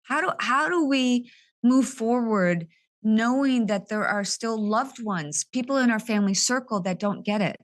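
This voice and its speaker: A woman hosts an interview show in an earnest, emotional way. Her voice sits a little higher than most women's. She speaks with open indignation. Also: measured pace. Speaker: podcast host. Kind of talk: conversational interview.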